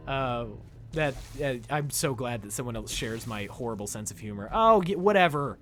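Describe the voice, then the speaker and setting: A man streaming a video game, talking casually with his viewers in a loud, jokey, excitable way. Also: medium pitch, measured pace, a little hiss or hum. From United States. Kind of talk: casual live-stream commentary. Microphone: desk microphone.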